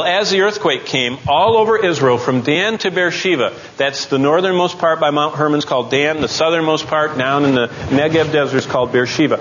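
A man teaching scripture like a sermon, in a voice sitting a little high for a man. He tells the story dramatically and rises into excited, near-shouted outbursts. The recording is a bit dull, with a faint hiss behind him. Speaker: Bible teacher. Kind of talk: sermon-style Bible teaching.

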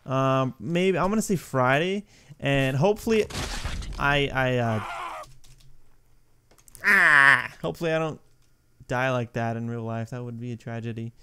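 A young man giving casual, rambling gameplay commentary, excitable and breaking into yelps and shrieks when a level goes wrong. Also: mid-range voice, normal speed, clean tone. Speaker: gaming YouTuber.

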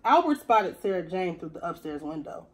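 A woman's voice: on the low side, normal speed, rough recording. Teacher lady reading a storybook to little kids, lots of up and down in her voice. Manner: expressive storytelling. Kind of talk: reading a picture book aloud to children.

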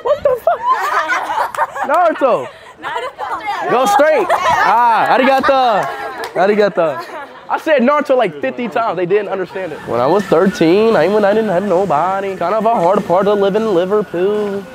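Loud, excitable young American man. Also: high-pitched, normal speed, a loud crowd. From United States. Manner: loud, excitable, shouting bursts. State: sick with sore throat. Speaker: livestreamer vlogger. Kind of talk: casual street vlog. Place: outdoor city streets. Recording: noisy street background.

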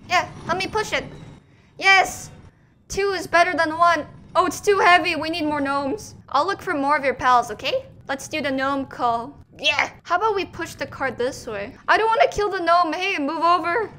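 A woman's voice: high-pitched, normal speed, bright, forceful tone. A young woman commenting on a game she is playing, playful, talking to the characters on screen, with sudden yelps. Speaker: gaming commentator. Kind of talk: let's play commentary.

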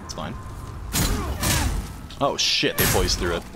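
A man's voice: low voice, expressive, takes it slowly, over loud music. A man giving casual gameplay commentary as a streamer, joking and swearing freely. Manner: profane, joking trash talk. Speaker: gaming streamer.

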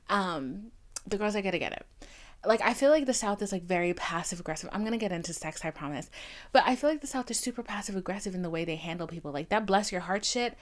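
Fast-talking and medium-pitched, a woman in her twenties from a Haitian family hosts a podcast. It's a casual confessional monologue: candid, profane, and lively as she acts out whoever she's quoting.

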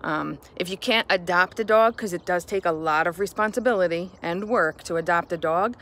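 A woman's voice: on the low side, moderate pace, fairly bright tone. Chatty, encouraging woman teacher. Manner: chatty, encouraging, addresses children directly. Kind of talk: morning message to students. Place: outdoors on a home porch by woods.

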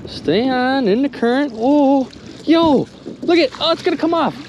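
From a boat on a river, an excitable man narrates his magnet fishing finds directly to viewers, his pitch swooping widely as he exclaims over each catch. He speaks a little slowly, the audio is dull, and boat and water noise is clearly audible behind him.

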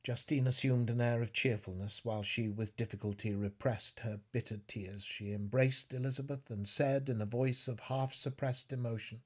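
A middle-aged man narrating a classic novel, grave and measured, rising to fierce declamation in anguished passages. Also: mid-range voice, fairly even intonation, a little mellow, breathy edge. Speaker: audiobook narrator. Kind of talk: dramatic literary reading.

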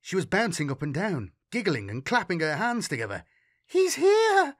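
A man narrating a grim sci-fi audiobook in an expressive storytelling reading. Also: on the high side, fairly quick, no echo, studio quality. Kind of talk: scripted narration.

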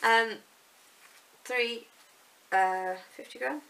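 A woman's voice: fairly high pitch, extremely slow, gravelly, bright, forceful tone, rough recording. A woman, chatting casually and rambling a little as she unboxes yarn. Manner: chatty, rambling, self-deprecating. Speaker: vlogger showing yarn.

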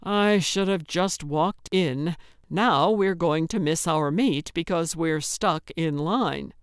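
A woman's voice: on the low side, expressive, slow pace, smooth, dry recording. A woman narrator voicing a weary, patient older man with a dry, resigned manner. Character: weary, patient older man, her put-upon driver.

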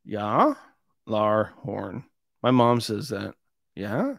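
A man's voice: medium pitch, unhurried, long pauses, no room sound, clean studio sound. A man hosting an audio gear live stream, chatting casually in a rambling, easygoing, self-deprecating way. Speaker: audio channel host.

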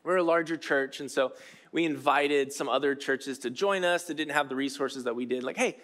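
A pastor in his thirties preaches in a chatty, self-deprecating style, full of fillers and restarts. His voice sits at a medium pitch with a fairly bright tone and moves at a normal speed.

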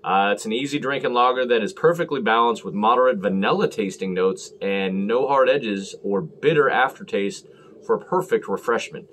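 A man's voice: lowish voice, moderate pace, fairly bright tone, a little hiss or hum. A man hosting a casual beer review vlog, rambling and joking with frequent restarts. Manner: rambling, jokey, fumbles and restarts often. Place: Los Angeles area.

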